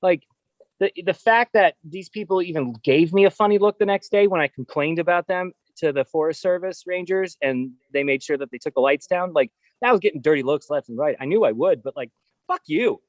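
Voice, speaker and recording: A man's voice: fairly high pitch, brisk, dry recording. A man hosting a casual livestream, talking bluntly and ranting at times. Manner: blunt, gets worked up ranting. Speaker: host.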